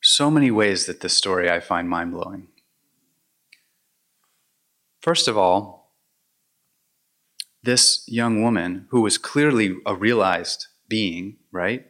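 Meditation teacher, male, low voice but forceful tone, reflective storyteller. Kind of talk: dharma talk.

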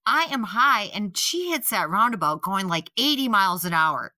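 Middle-aged podcast host lady from iowa, bright voice, super animated storytelling, swears a lot, dry close mic. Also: mid-range voice, moderate pace, dry recording. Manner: animated, laughing, swearing, acts out quotes. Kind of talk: casual storytelling chat.

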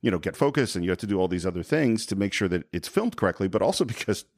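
A man's voice: sits low, rapid-fire, no echo, studio quality. A man co-hosting a film podcast in casual discussion, acting out quotes as he talks. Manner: animated, acts out quotes. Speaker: podcast co-host.

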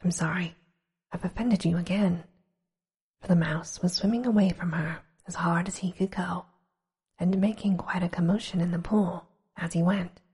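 A woman reading a storybook aloud in a slow, hushed, gentle whisper. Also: fairly low pitch, fairly even intonation, slightly rough.

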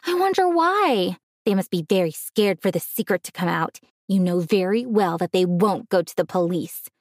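A woman's voice: a little high, lively intonation, normal speed, no room sound, studio quality, lightly acted. Woman doing a spiteful, jealous teenage girl. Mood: mocking. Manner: mocking and spiteful.

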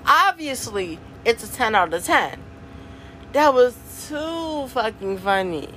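A woman's voice: a little high, sing-song, slow, fairly bright tone. Young woman podcaster, casual slangy chatter with easy laughs, faint noise underneath. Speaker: podcast host. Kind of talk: casual solo podcast chat.

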